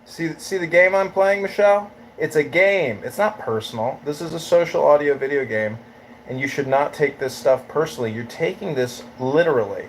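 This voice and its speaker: Profane, taunting live-chat host. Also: male voice, a little high, moderate pace, a little hiss or hum, low-quality recording.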